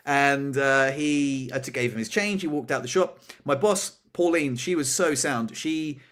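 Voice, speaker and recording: A young male podcast co-host tells a story at an easy conversational pace. His pitch sits in a middle range, and he lifts it noticeably to act out the dramatic parts. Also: unhurried. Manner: animated, rising pitch when acting out dramatic moments. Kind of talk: casual storytelling chat.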